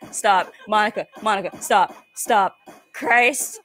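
A woman's voice: mid-range voice, expressive, slow pace, a little hiss or hum. A young woman reacting to a horror game, scared and shaking, stammering, swearing and gasping. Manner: jittery, stammering, swears, gasps and yelps in fright. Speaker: gaming video creator.

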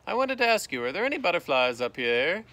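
A man voicing a cheerful male lunatic chasing butterflies, high and excitable, in a storybook reading. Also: fast talker, exaggerated voice. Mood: giddy.

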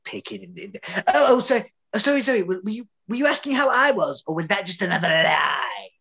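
A woman's voice: mid-range voice, big pitch swings, brisk, vocal fry, a bit bright, breathy edge, exaggerated voice. A woman playing a petulant, self-pitying male theatre director in an online student drama. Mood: sulky. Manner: whiny, sulky, melodramatic. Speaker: student actor. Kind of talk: online amateur drama over video call. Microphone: video call. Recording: dull lo-fi video call audio.

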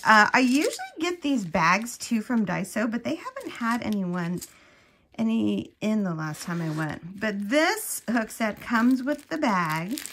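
A woman hosting a crochet unboxing vlog in casual chat, gushing and excitable, often breaking off mid-sentence. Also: a little high, a little hiss or hum. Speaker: crochet channel host.

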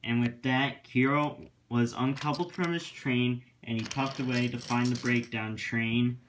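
A man narrating a homemade storybook tale about train engines in a plain, even manner. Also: mid-range voice, unhurried, slight background noise.

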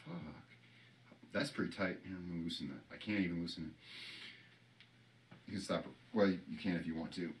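A man's voice: sits low, normal speed, long pauses, distant mic, slight background noise. Joking man talking through a craft project. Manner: rambling, joking, swears casually. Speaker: channel host. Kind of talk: casual how-to vlog chat.

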